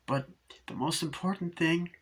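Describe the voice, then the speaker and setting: A man voicing an injured, frightened male writer held captive, speaking in a halting, pleading way. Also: fairly high pitch, husky, voice pushed up. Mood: placating. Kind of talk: retelling a film scene in character.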